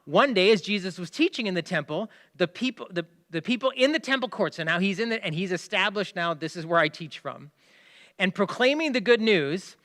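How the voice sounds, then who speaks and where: High-voiced man preaching emphatically. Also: animated, fairly quick, hardly any pauses. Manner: emphatic preaching, swinging between loud stresses and hushed asides; explains by asking listeners to pay attention. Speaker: pastor. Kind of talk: sermon.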